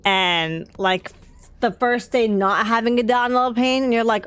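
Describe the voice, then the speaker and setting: Slow-talking, chatty woman streamer. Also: fairly high pitch, steady tone, a bit bright, clear, resonant tone. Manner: chatty, talks to herself, laughs often. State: tired. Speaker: game streamer. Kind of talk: casual live-stream chat while playing.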